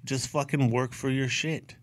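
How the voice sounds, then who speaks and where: A man's voice: medium pitch, steady tone, a little slow, fairly bright tone. A man in casual podcast chat, arguing his point with heavy swearing. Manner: argumentative, swearing, emphatic. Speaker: podcast co-host.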